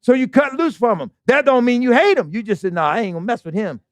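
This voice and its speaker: Emphatic high-voiced male preacher, dry sound. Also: fast, dry recording. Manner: emphatic, conversational preaching with rhetorical questions. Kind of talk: fiery sermon. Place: assembly hall in Baltimore.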